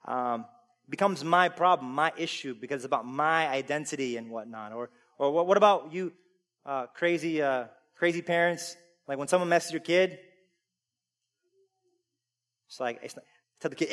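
A man preaching a sermon to a congregation. He asks them questions and climbs from easy conversation to loud, full-voiced preaching. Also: fairly high pitch, moderate pace. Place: church sanctuary. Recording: long reverb of a large hall.

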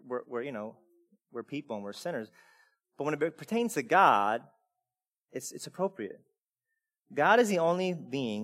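A man preaching a sermon, swinging between quiet asides and emphatic peaks, often repeating words as he restarts. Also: medium pitch. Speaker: pastor.

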